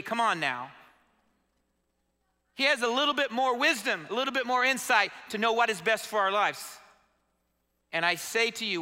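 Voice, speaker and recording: Middle-aged male pastor, very high bright voice, fervent call-and-response preaching, long church-hall reverb. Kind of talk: sermon. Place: church sanctuary.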